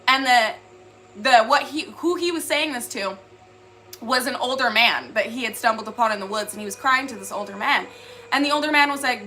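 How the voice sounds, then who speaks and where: High, bright-voiced woman giving a spiritual reading. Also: fairly quick, slight background noise. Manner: earnest, rambling, many "like" fillers. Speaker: spiritual reader. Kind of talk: casual spiritual monologue to viewers.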